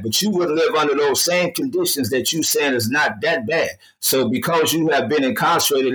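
A man talks at length as a guest on a radio show, driving his points home by repeating words and phrases. His speech is loose and colloquial, and his voice has a husky, rough grain. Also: mid-range voice, fairly bright tone, poor audio. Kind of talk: impassioned radio talk.

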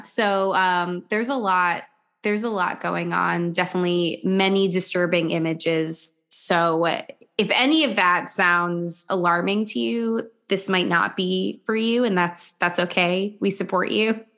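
A woman with a slightly low voice talks slowly on a casual podcast. She hesitates often and leans on fillers as she gathers her thoughts. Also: fairly even intonation, a bit bright. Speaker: podcast co-host. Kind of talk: casual chat.

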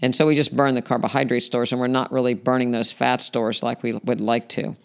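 A podcast host explains health topics on his own, talking conversationally and leaning on lots of "you know" fillers. His mid-range voice is gravelly yet smooth, moves little in pitch, and runs fairly quick.

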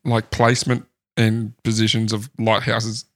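A man's voice: on the low side, completely flat delivery, a little slow, fairly bright tone, dry recording. Teasing man, dry sound. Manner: teasing, interrupts with puns and questions. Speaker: podcast co-host. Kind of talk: casual chat.

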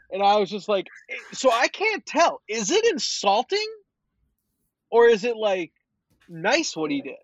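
Podcast host, male, high voice, dry dull mic, jokey and leading. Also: huge pitch swings, a little slow, no room sound. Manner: joking, leads the segments. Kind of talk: casual sports chat.

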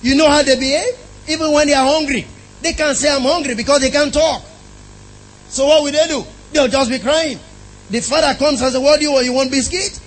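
High-voiced preacher giving a sermon. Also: male voice, fairly quick, low-quality recording. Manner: emphatic, asks the congregation questions.

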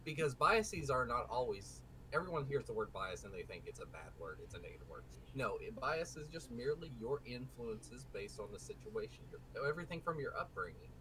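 A man's voice: medium pitch, lively intonation, a little fast, hardly any pauses, bright, forceful tone, low-quality recording. A man from the American South, hosting a casual gaming podcast, talking animatedly and digressing with frequent restarts. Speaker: podcast host. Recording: faint background noise.

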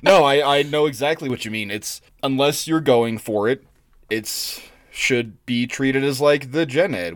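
A man's voice: mid-range voice, no room sound, clean studio sound. Profane man telling stories on a podcast. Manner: animated, profane storytelling with restarts. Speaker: podcast co-host. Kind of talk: casual chat.

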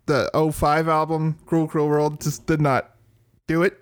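Wry man, slightly high voice. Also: little pitch movement, a little slow, smooth. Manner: wry, joking asides. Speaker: podcast co-host. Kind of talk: casual podcast chat.

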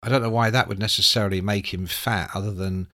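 A music writer in his sixties, appearing as an interview guest, spins a long anecdote and acts out the quotes with plenty of swearing. His voice sits fairly low and moves quickly. The mood is casual, animated storytelling.

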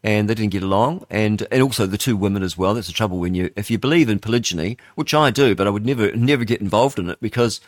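Talking fast with hardly a pause, an older New Zealand radio host rambles through a casual monologue, often restarting and using fillers. His lowish voice comes through in studio quality without echo.

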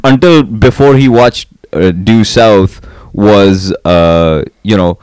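A man's voice: on the low side, slow pace, a little mellow, clean tone, no room sound. A young man in a casual podcast chat, self-mocking and laughing often, swearing freely.

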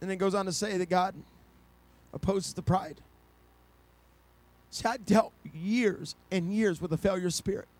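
A middle-aged male preacher giving a sermon, telling stories with frequent restarts and building to loud, high-pitched preaching. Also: steady tone, measured pace, pauses often. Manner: storytelling, with repeated restarts.

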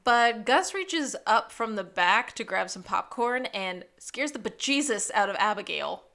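A woman's voice: mid-range voice, animated, unhurried, gravelly, a bit bright. A woman co-hosting a podcast, chatting casually about a TV episode and laughing often. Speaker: podcast co-host. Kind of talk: casual recap chat.

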